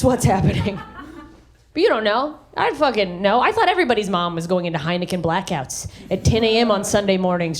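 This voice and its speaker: A woman from the American South doing a brash, profane stand-up set into a handheld mic on stage. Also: fairly high pitch. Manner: brash, profane, animated storytelling. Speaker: stand-up comedian. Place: theater stage.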